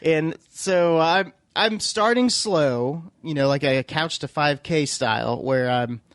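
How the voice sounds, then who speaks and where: A man co-hosting a podcast in casual chat, an animated, self-mocking storyteller who laughs often. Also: a little high, slow, dry recording, clean studio sound. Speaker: podcast co-host.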